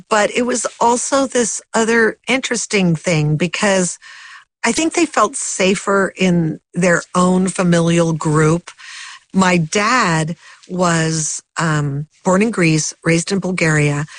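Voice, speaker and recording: An older woman with a fairly low voice tells a family story earnestly, quoting the people in it with animation. Her voice sounds dry and close to the microphone. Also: dry recording. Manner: earnest, animated storyteller who quotes others. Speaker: guest. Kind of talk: conversational storytelling.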